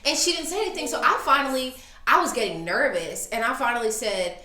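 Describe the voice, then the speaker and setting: A woman in her thirties telling a story in casual chat, animated and acting out the voices she quotes. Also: a little high, fast talker. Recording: echoey room.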